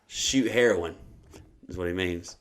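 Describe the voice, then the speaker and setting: Male host, lower pitch, wry interjector, casual. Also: unhurried. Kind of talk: casual chat.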